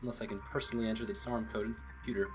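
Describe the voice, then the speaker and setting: A man's voice: on the low side, level tone, racing, faint music behind, natural voice. A man reading out the lines of an arrogant, scheming male politician villain from a visual novel, smug and condescending.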